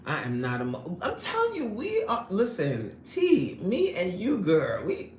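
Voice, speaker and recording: A woman's voice: lowish voice, huge pitch swings, unhurried, a little mellow, reverberant, a little hiss or hum. A woman hosting a casual live stream, chatting animatedly with her viewers, laughing often and greeting them by name. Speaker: live-stream host reading chat.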